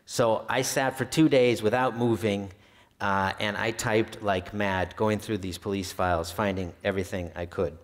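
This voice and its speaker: A man's voice: fairly low pitch, normal speed. A male historian giving a public talk about his book, telling anecdotes in an easygoing way with occasional filler hesitations. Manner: relaxed storyteller with some filler hesitations. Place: library event hall. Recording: long reverb of a hall.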